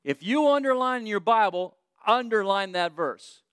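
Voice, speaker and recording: Rich: A male preacher with a high, smooth and resonant voice delivers a lively, conversational sermon. He often turns to his listeners with questions. The sound is dry and close. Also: normal speed, no echo. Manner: expressive, conversational, asks the audience questions.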